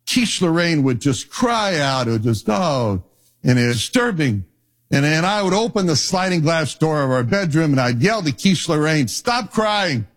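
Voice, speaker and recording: An older man giving a sermon as pastor, telling folksy personal stories with an animated, conversational delivery. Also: mid-range voice. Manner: storytelling, animated, folksy asides.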